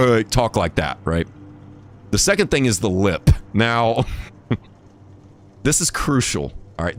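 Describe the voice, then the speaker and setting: Jokey man rambling on a live stream. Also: fairly low pitch. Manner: jokey and rambling, laughs often, restarts words. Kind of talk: casual live-stream chat.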